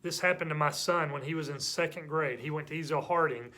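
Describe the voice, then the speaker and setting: Middle-aged male church teacher, lively storyteller for kids, a touch high-pitched, drops from loud to hushed. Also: fairly quick. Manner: animated storytelling, big swings between loud and hushed. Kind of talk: children's story lesson.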